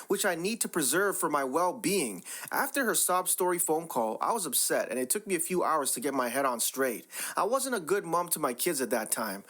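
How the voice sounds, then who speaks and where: Lively voice narrating online stories. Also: mid-range voice. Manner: wry, exasperated storytelling. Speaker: story narrator. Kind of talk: scripted story narration.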